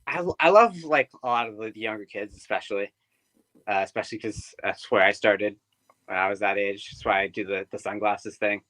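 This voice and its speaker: Bright-toned young man, easygoing guest. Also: lowish voice, fairly quick, no echo, low-quality recording. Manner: easygoing, laughs often. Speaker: podcast guest, pro wrestler. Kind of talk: casual interview chat.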